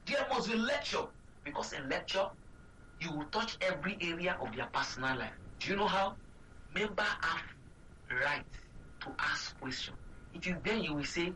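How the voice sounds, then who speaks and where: A man's voice: on the high side, animated, brisk, sharp tone, recorded from a distance, slight background noise, low-quality recording. A man with a Nigerian accent preaching a sermon as a pastor, repeating emphatic phrases and asking rhetorical questions.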